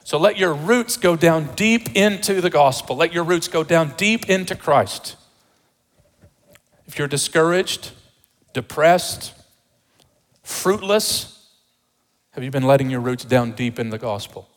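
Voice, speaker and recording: A pastor preaching a sermon with emphasis, repeating rhetorical questions to the congregation. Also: male voice, fairly high pitch, animated, slow pace, long pauses, in a large hall.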